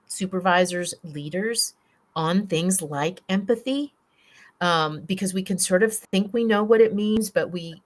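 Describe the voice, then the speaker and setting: A woman with a lowish voice speaks on a panel, earnest and emphatic. She affirms the others warmly and keeps pressing home the points she finds important. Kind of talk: panel discussion.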